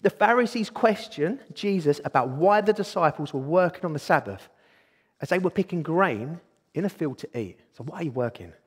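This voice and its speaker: A man preaching a sermon in a church, excitable and eager. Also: on the high side, normal speed, breathy edge. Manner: excitable, bursts into exclaiming. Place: church hall. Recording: long hall reverb.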